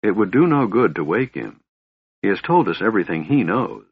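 A man doing calm leader Tanis. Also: lowish voice, normal speed, breathy edge, narrow, tinny audio, heavily acted. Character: steady half-elf male leader, calm and practical.

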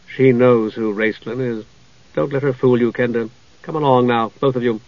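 A man's voice: medium pitch, fairly even intonation, moderate pace, no room sound, natural voice. A man voicing a stern, cold female sorceress who gives clipped commands, on a dull lo-fi recording.

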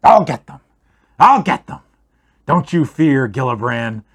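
A man voicing a wounded, delirious old male dwarf warrior who shouts wildly, then fades to a weak whisper. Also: mid-range voice, normal speed, close to an everyday voice. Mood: delirious shouting.

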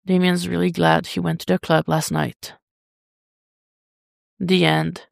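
A woman narrating fiction as a podfic in a steady, unhurried read. Her voice is strongly gravelly with fry. The sound is dry and close. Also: on the low side, dry recording. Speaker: podfic reader.

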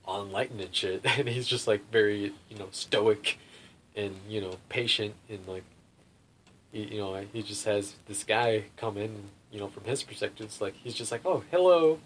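A man's voice: on the low side, steady tone, moderate pace, a bit bright. A young man telling a rambling personal story in casual chat. He fills his talk with "like" and swearing and laughs often. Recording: faint background noise.

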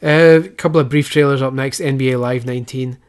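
Male podcast host, casual and sarcastic, swears freely, mid-pitched. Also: steady tone, fast talker, smooth. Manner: sarcastic and swearing, laughs often. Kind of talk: casual chat.

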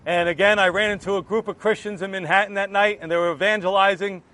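A man with a noticeably high voice shares his personal testimony. He tells it with earnest, animated energy, slipping into the voices of the people in his story as he goes. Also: quick pace. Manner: earnest, animated retelling that acts out remembered exchanges. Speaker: Christian giving a testimony.

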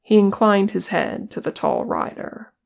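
Slow, gravelly audiobook reader. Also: mid-range voice, expressive. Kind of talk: reading fan fiction aloud.

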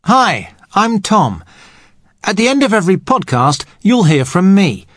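A man's voice: sits high, very animated, a bit bright, no echo, clean studio sound. Patient man teaching English grammar. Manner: patient, measured. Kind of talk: explaining grammar to learners.

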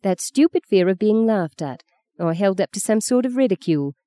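A woman reading aloud and voicing a stern, commanding elderly grandmother with a brisk, precise way of speaking. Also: mid-range voice, expressive, mellow, dry recording, pitched above the performer's own voice, lightly acted. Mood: scolding. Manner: brisk, precise, lightly scolding.

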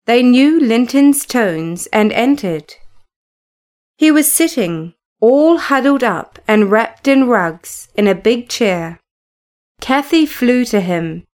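A woman narrating a classic novel in a measured, even reading voice. She speaks slowly and deliberately, with a fairly high pitch. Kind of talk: scripted storybook narration.

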